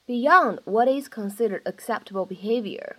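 A woman teaching in a bright, slightly high voice. She explains each point patiently, adds lots of soft fillers, and says every example three times. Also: moderate pace. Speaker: English pronunciation teacher. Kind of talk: explanatory lesson narration.

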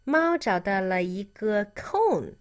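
Lady reading a kids' story real slow, voice swooping up and down, coaxing questions. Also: mid-range voice, big pitch swings. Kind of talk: bilingual picture-book reading to a child.

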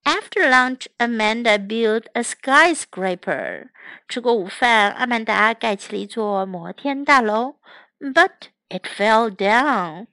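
A woman English teacher reads a picture book aloud slowly and clearly, with lots of expression. Her voice is bright and a little high, close and dry with no room sound. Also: no echo. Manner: slow, clear, expressive reading. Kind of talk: bilingual storybook read-aloud.

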